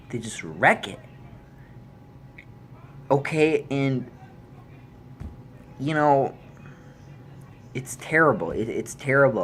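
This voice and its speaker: A man vlogging an angry movie rant, swearing freely and jumping into high yells when outraged. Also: a little hiss or hum. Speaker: YouTube vlogger.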